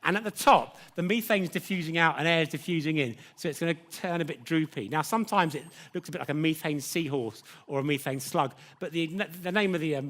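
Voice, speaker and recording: A man's voice: on the high side, fairly bright tone. A man presenting a live science demonstration lecture, chatty and jokey, teasing his assistant. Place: lecture theatre with audience.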